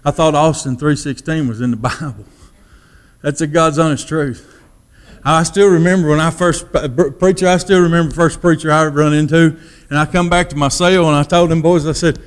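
A man giving his testimony as a sermon, in a folksy storytelling manner that drops to a hush for quoted thoughts. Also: a little high, a little fast.

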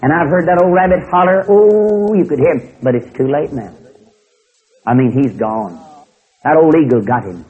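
A man telling an animal story as a preacher, in a lively, folksy, repetitive way. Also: a little high, moderate pace, husky. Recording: tinny phone-like recording.

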